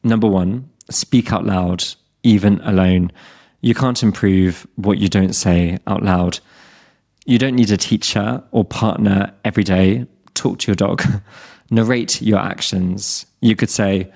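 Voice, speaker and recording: A British man in his thirties speaks in a low voice as the host of an English-learning podcast. His talk is scripted but candid, with self-deprecating humour and steady encouragement for learners. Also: slow, gravelly.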